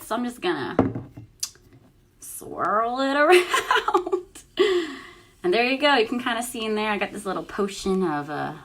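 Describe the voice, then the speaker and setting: A woman's voice: mid-range voice, fairly bright tone. A young woman chats casually and giggles while mixing a cocktail at home for her vlog. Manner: chatty and giggly, often trailing off with fillers. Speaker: host of a news and cocktail vlog.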